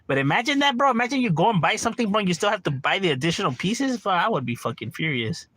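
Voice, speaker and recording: A middle-aged man streams a game from home, ranting casually in a high, sing-song, slightly bright voice at a fast clip. He swears a lot and says "bro" constantly. There's no room sound.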